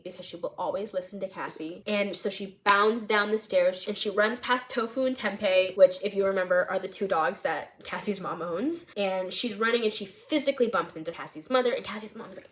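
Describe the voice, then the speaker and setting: A young woman vlogging casually, retelling her script with lively, expressive storytelling and frequent fillers. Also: mid-range voice, fairly quick, hardly any pauses. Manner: animated storytelling, many "like" fillers. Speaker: vlogger writing a film script. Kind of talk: casual chat.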